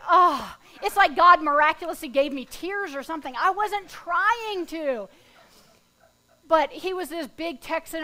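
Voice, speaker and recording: A woman pastor with a high, bright-toned voice preaches from the pulpit. She tells her stories in a lively way and pokes fun at herself, then moves on to a passage of scripture. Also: measured pace. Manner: lively storytelling, self-deprecating humor. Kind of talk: sermon with personal stories. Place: church sanctuary.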